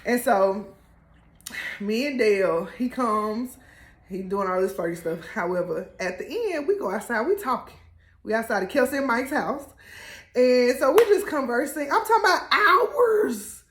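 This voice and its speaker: A woman tells a personal story in lively, relaxed chat. Her voice sits fairly high and leaps around a lot as she acts out what people said. The room is echoey. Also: moderate pace. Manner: animated, laughing, acts out quotes. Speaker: co-host telling their couple story. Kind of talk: casual storytelling.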